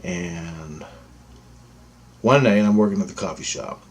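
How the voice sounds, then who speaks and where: A man's voice: low voice, unhurried, husky. A man telling a personal story in a rambling, repetitive way, swearing freely. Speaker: vlogger. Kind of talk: casual spoken storytelling.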